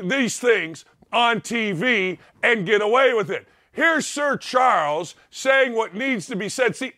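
A man's voice: high-pitched, bright, forceful tone. A man hosting a sports talk show, ranting bluntly and brashly in an opinionated monologue.

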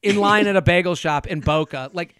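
A man's voice: high-pitched, fairly quick, fairly bright tone, clean tone, dry recording, clean studio sound. A man who is a comedian guest, telling casual stories in a rambling, self-interrupting way and laughing often. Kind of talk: casual storytelling.

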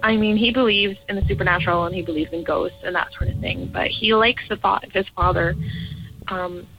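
A woman in her twenties, calling in to tell her own ghost story in an earnest, halting way with trailing restarts. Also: medium pitch, fairly even intonation. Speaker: caller sharing a ghost story. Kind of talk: personal paranormal story told to a radio show. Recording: muffled lo-fi audio with faint music.

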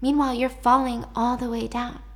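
A woman voicing a needy, manipulative young woman in captivity, talking softly and pleadingly. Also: on the high side, flat delivery, normal speed, lightly acted.

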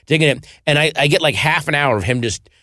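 A man, a guest comedian, telling stories in animated casual chat and acting out gruff quotes. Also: fairly high pitch, quick pace, no echo, clean studio sound.

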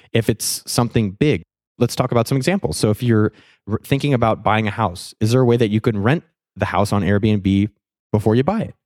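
A young adult man with a fairly low voice tells a personal story in a casual, self-mocking way, cursing freely and getting animated as it builds. The sound is dry and close, with no room around it. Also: dry recording. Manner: candid, self-mocking, swears freely, animated on key moments. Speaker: vlogger telling a personal money lesson.

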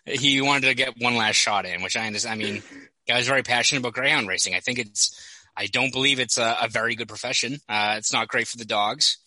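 A man's voice: medium pitch, quick pace, pushed and bright, no echo, poor audio. A man hosting a sports podcast, telling stories in a chatty way with lots of asides. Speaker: podcast host. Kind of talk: casual sports podcast chat.

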